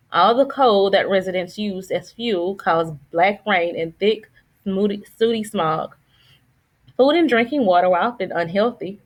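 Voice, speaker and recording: A woman teacher reading a book aloud to her students, patient and encouraging, pausing to restart words. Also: medium pitch, low-quality recording.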